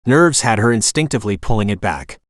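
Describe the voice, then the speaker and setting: Ai male voice reading an audiobook, lively intonation, dry close sound. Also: on the low side, a little fast, no echo. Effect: text-to-speech voice. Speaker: audiobook narrator. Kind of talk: scripted narration.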